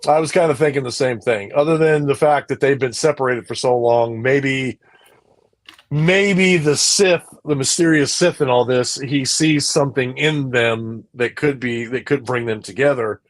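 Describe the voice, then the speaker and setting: A man's voice: medium pitch, normal speed. A man co-hosting a podcast in casual chat, rambling and repeating his phrases. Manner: rambling, repeats himself often. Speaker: podcast co-host.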